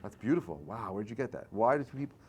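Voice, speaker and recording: Animated rabbi man teaching a class. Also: fairly low pitch, fast talker, a little hiss or hum. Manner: conversational, checks in with frequent "right?"; animated, builds to loud bursts. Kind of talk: informal Torah class talk.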